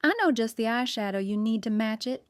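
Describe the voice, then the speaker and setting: A woman's voice: on the high side, a little fast, clean tone, no echo, clean studio sound, close to an everyday voice. A woman reading an audiobook, voicing a sweet, chatty young woman who helps in a bakery.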